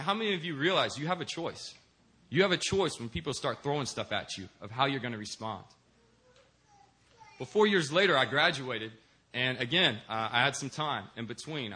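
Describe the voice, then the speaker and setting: A man's voice: mid-range voice, bright, forceful tone. A young man, a deacon, preaching a sermon in a church and telling stories with acted-out voices. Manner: storytelling, acts out quoted voices. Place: church in Korea.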